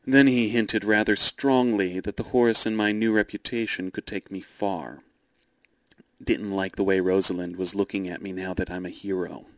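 Knight read by a man: breezy, sardonic schemer, slightly low voice, dry close sound. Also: fairly even intonation, moderate pace, no echo. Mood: brisk, plotting.

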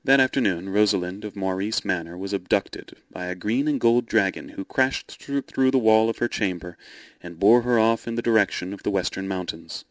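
A man narrating a story in a steady, measured reading voice. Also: lowish voice, no echo.

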